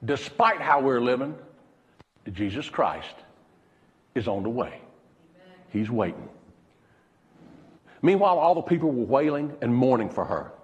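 Slow, animated preaching man in echoey hall. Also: mid-range voice, lo-fi sound. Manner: preaching with dramatic pauses, dropping to a hush for quoted words. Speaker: pastor. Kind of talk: sermon.

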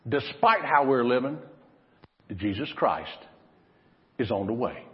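A man preaching with a lively, rising and falling delivery, dropping to near-whispers for emphasis. The sound is slightly dull and lo-fi, with a long reverb tail from a big hall. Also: mid-range voice, unhurried, pauses often. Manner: dramatic preaching, swinging from loud to hushed. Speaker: pastor. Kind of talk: sermon.

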